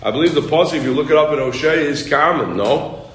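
A man teaching a Talmud class, quizzing his students with quick questions and pushing them to read on. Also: on the high side, reverberant, slight background noise, poor audio.

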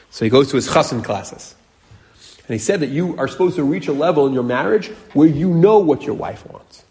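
A middle-aged man giving a casual, joking Torah class, telling stories and acting out quoted voices, with Hebrew and Yiddish words mixed in. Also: medium pitch. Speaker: Torah teacher.

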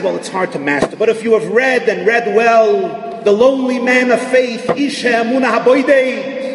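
High-voiced man lecturing in an echoey hall. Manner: swings from hushed to shouted emphasis; dense Hebrew and Yiddish terms. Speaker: rabbi lecturing on Jewish thought. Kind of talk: lecture to an audience. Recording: echoey hall from far off, faint noise.

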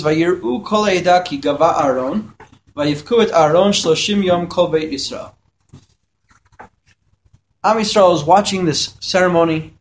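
A man with a high voice gives a Torah lesson to yeshiva students. He reads Hebrew verses aloud, translates each one, and asks questions before answering them in an explanatory way. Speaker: yeshiva teacher.

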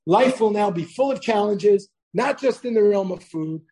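A middle-aged man teaching a Torah lesson to a room of students in a relaxed, talky way. His voice sits a little high for a man yet sounds dark and mellow. He keeps checking in with "right?" and slips Hebrew and Yiddish terms into plain English. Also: moderate pace, poor audio. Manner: conversational, asks "right?" often, tells personal stories. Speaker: rabbi teaching a class.

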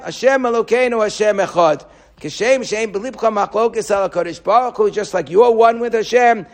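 A man giving an animated Torah class, quoting Hebrew and often repeating words as he thinks. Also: high voice.

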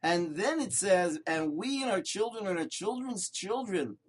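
With a husky, fairly high voice, an older rabbi gives a Torah lesson a little slowly, his intonation lively. He tells stories animatedly, fires off rhetorical questions, and drives home short phrases by repeating them.

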